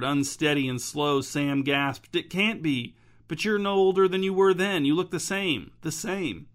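A man narrating a story in a steady, measured audiobook style. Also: medium pitch.

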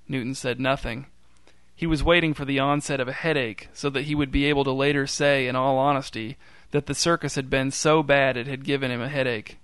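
A man narrating a short story in a dry, deadpan storytelling manner. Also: medium pitch, clear, resonant tone, no echo.

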